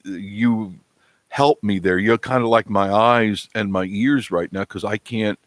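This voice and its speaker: A man's voice: on the low side, a little slow, dry recording. Rambling man chatting on a live stream. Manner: rambling, animated storytelling with acted-out quotes. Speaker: vlog host. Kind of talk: casual live-stream chat. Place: home studio indoors.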